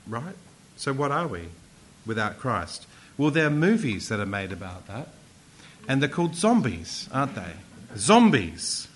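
A man's voice: mid-range voice, very animated, normal speed, a bit bright, poor audio. A man preaching a sermon, emphatic and conversational, with asides and self-corrections.

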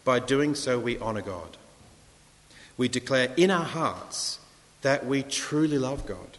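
A man's voice: mid-range voice, expressive, slow, in a large hall. A man preaching a sermon, reading scripture with earnest, rising emphasis.

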